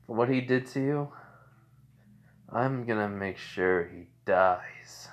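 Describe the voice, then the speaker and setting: A man voicing a menacing teenage boy with dark powers, low and half-whispered. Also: a little slow.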